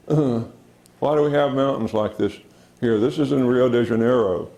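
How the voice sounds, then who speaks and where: A man giving a geology lecture with slides, halting with many fillers and calling for the next slide. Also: medium pitch, warm tone. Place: lecture hall. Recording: echoey lecture hall.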